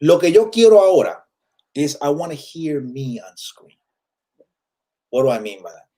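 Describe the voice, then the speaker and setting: A man's voice: a little high, very animated, normal speed, warm tone. A man in his forties with a Puerto Rican accent, a comedian chatting casually as a guest and switching between two languages. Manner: switches freely between English and Spanish, many fillers. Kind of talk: casual interview chat.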